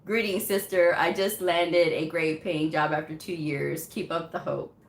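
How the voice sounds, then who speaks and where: A woman from Texas talks casually to her livestream audience, reading comments aloud and laughing often. Her voice sits a little low. The room around her is noticeably echoey. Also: steady tone, unhurried. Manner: chatty, laughs often, many fillers. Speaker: medical coding livestream host.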